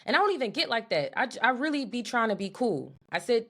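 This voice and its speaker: A young woman co-hosting a podcast, telling an animated, profane story in a casual chat. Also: fairly high pitch, fast, hardly any pauses. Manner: animated, profane, talks to her co-host as "girl". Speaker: podcast co-host.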